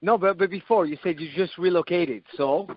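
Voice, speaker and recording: A man hosting a podcast, explaining ideas in a deliberate, measured teaching style with the occasional swear word. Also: sits high, dry recording, lo-fi sound. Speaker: podcast host and coach.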